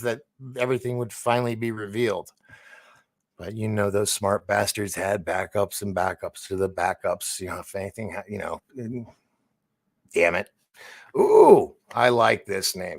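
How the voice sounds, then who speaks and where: A man's voice: lowish voice, gravelly. A man hosting a livestream in a loose, rambling, chatty way, often laughing as he reads the chat. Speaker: livestream host. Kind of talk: casual livestream chat, reading the chat.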